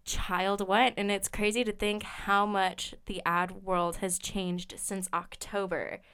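Smooth-voiced young woman podcast host. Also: mid-range voice, flat delivery, slow, fairly bright tone. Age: young adult. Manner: chatty, storytelling, emotional. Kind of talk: casual podcast chat.

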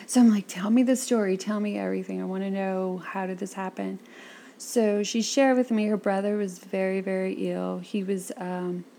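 Woman, interview guest, lively storyteller, quotes people in their voices, gravelly voice. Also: mid-range voice, a little hiss or hum. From south Louisiana.

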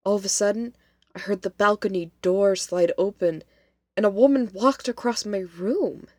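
A woman's voice: mid-range voice, normal speed, a little mellow, dry recording, clean studio sound, natural voice. A woman voicing a young female college student who is rattled and insistent. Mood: recounting. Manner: shaken, insistent.

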